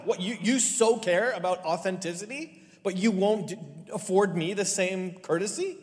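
A man preaching a sermon, telling funny family stories and pressing his point with lively emphasis. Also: high voice, moderate pace, few pauses. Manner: lively, joking, rising to animated emphasis. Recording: long hall reverb.

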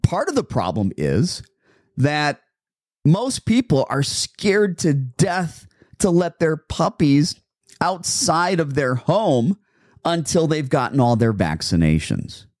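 Man, podcast host, emphatic, lively swinging pitch, dry room. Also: no room sound. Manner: emphatic, repeats phrases for effect. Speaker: dog trainer and podcast host. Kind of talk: podcast monologue.

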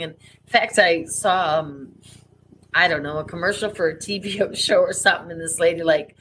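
A woman co-hosting a casual podcast, speaking emphatically and bluntly with plenty of fillers. Her voice sits fairly low but sounds bright and forceful. A faint hiss lies under the recording. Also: low-quality recording. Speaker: podcast co-host.

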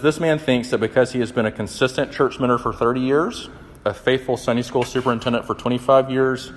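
A young man giving a conversational, animated sermon, acting out the quotes. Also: medium pitch. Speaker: campus minister. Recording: long hall reverb.

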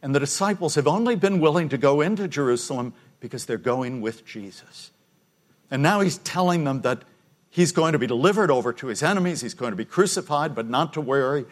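A man's voice: fairly high pitch, expressive, brisk. Older man preaching a storytelling sermon. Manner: storytelling, voicing the disciples with quiet intensity.

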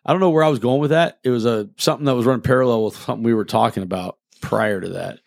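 A man's voice: medium pitch, very fast, gravelly, dry recording. Brief: man, podcast host, rambling crude storyteller, dry close mic. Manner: rambling, profane, loses his train of thought. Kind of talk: crude casual chat.

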